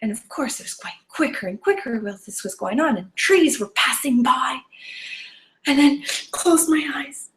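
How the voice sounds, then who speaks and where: A woman's voice: high-pitched, expressive, moderate pace, reverberant. A woman telling a personal story to an audience, earnest and vivid, sometimes dropping to a whisper. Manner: earnest and vivid, drops to a whisper at tense moments.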